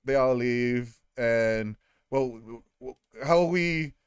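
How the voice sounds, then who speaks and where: A man recaps a movie in loose, rambling podcast talk, laughing often and dropping into short impressions of the characters. His voice is smooth and clear, recorded dry and close with no room sound. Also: mid-range voice, takes it slowly, no room sound. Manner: rambling, laughing, acting out lines. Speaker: podcast co-host. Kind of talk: casual movie recap chat.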